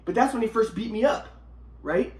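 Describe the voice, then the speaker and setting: A man's voice: high-pitched, normal speed. Agitated, profane man in an echoey room. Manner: agitated, profane, repeats and restarts himself. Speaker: vlogger telling his own story. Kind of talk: rambling personal monologue.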